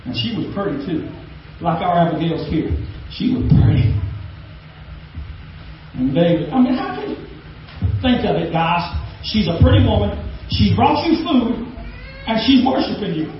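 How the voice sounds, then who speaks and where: A man preaching a folksy sermon in a church, swinging from loud to soft, recorded echoey and distant with a dull, faintly hissing sound. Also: sits high, big pitch swings, moderate pace.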